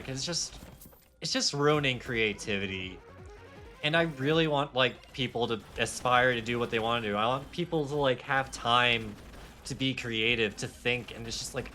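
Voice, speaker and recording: A man's voice: mid-range voice, sharp tone, slight background noise. A young man streaming a game live, talking casually in a heated, rambling rant with swearing and self-mocking asides. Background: faint game music.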